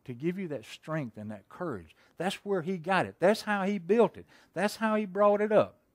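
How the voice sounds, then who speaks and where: A man's voice: high voice, expressive, normal speed, dry recording. Folksy preacher man, dry sound. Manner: folksy storytelling preacher, rhetorical questions, swings between loud and hushed. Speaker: pastor. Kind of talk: sermon.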